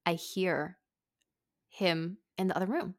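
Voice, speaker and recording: A woman hosting a podcast, telling a story in casual chat, animated, swearing and saying "like" a lot. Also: fairly low pitch, takes it slowly. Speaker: podcast host.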